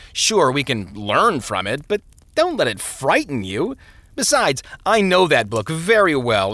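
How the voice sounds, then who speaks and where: A man voicing a smooth-talking, condescending parson who brushes off worries breezily. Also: high-pitched, fairly bright tone, dry recording, voice pushed up. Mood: dismissive. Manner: breezy, dismissive, patronizing. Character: glib, condescending male parson. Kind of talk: storybook character voice.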